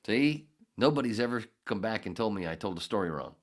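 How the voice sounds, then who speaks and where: An older podcast host talks fast in a lowish voice, winding through a sweary, meandering story and frequently losing his thread in a rambling monologue.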